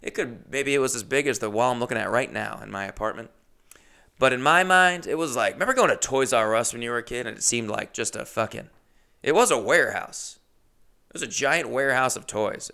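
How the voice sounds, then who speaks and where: New england guy in his 30s ranting and digressing, cussing a lot, gravelly but clear crisp voice. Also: medium pitch, brisk. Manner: digressive, profane, animated storytelling. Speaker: podcast host. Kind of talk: rambling comedic monologue. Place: apartment, pacing around. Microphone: corded microphone.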